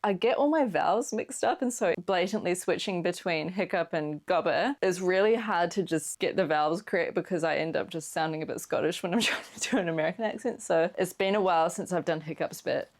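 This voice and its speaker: A woman's voice: lowish voice, brisk, few pauses. A woman with a New Zealand accent, a songwriter chatting casually in a vlog, peppered with "like". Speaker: songwriter vlogger.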